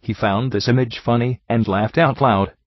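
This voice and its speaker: A man narrating a book in a steady, measured reading style. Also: mid-range voice, dry recording. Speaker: audiobook narrator. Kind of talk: scripted narration. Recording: slightly muffled lo-fi recording.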